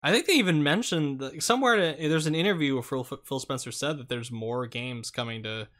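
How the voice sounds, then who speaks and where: A man co-hosting a casual game talk show, measured and plain-spoken, often restarting his sentences. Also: medium pitch, a bit bright. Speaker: podcast co-host. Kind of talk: casual chat, running through a list.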